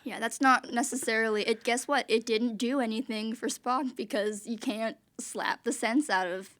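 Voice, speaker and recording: Female podcast co-host, casual, talkative, slightly high register. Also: fairly even intonation, a bit bright. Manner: chatty, quick asides with many "like" fillers. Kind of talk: casual chat.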